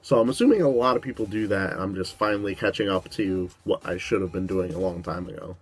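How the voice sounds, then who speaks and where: A young man hosting a casual Q&A vlog, rambling with lots of "like" fillers, his voice going a bit hoarse. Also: deep voice, quick pace, few pauses, faint music behind. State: losing his voice. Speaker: YouTube host.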